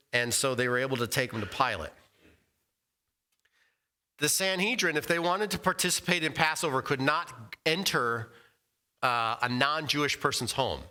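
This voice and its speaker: Guy leading a bible study, sharp bright voice, chatty, keeps asking the class questions. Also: medium pitch. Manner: conversational, quizzes the group. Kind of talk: casual Bible lesson. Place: church meeting room.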